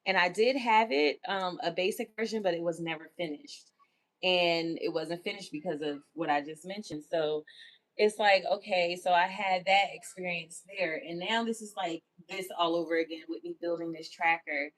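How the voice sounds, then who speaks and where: A woman's voice: on the low side, moderate pace. A woman hosting a livestream in casual chat, candid and self-affirming, who keeps asking "you know what I'm saying?". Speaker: livestream host.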